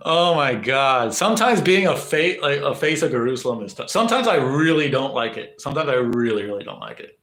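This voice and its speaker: A man's voice: mid-range voice, big pitch swings, a little fast, hardly any pauses, a bit bright, roomy sound. A young man streaming live, rambling to his chat with lots of swearing, fillers and restarts. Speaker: livestreamer.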